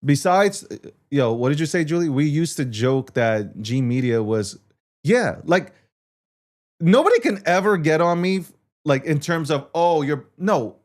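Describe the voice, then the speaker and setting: A man's voice: on the high side, big pitch swings, measured pace. A man hosting a casual market talk show, ranting in a profane, self-mocking way. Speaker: show host.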